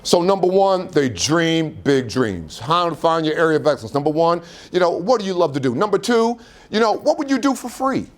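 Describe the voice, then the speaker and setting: A man's voice: on the high side, brisk. Older guy preaching success at a crowd, voice jumps all over, punchy questions. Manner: animated preacher-like delivery with rhetorical questions. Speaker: motivational speaker. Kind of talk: motivational speech. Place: auditorium.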